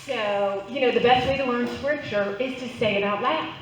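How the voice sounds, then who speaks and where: Onstage at a comedy club, a middle-aged woman with a fairly high voice does a playful stand-up set at a normal pace, chatting with the live audience and getting them to play along. The live recording sounds roomy, distant and dull, with a little hiss or hum.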